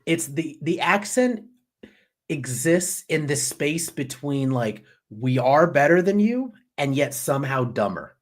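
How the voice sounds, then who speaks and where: A man hosting a live pop culture news show, animated and jokey, swearing casually as he chats. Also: fairly high pitch, a little slow. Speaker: host.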